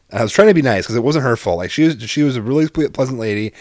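Low-voiced guy rambling thru a story, cussing, totally fed up, dry sound. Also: expressive, racing, few pauses, a little mellow, no room sound. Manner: exasperated, profane, rambling with fillers. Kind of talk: casual storytelling.

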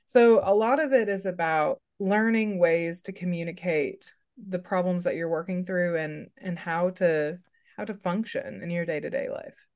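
Animated woman therapist telling stories. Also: lowish voice, normal speed. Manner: animated storyteller who acts out quotes. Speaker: therapist guest. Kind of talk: casual interview chat.

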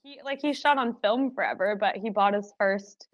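This young woman, an athlete guest on a casual podcast, speaks at medium pitch and a moderate pace. She's chatty, laughs a lot, and leans heavily on "like," and the audio is dry and slightly dull.

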